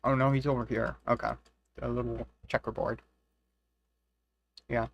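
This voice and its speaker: A man's voice: mid-range voice, level tone, normal speed, gravelly, muffled recording. A man casually commenting on a game he is playing, swearing freely and reading the quest guide aloud. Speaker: game streamer. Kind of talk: casual let's-play commentary.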